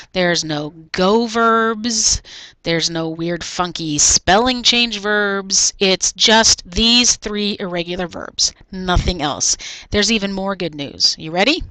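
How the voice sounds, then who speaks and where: A woman's voice: mid-range voice, pushed and bright, no echo, rough recording. A woman teacher talking through a recorded video lesson, saying each point in Spanish and then again in English.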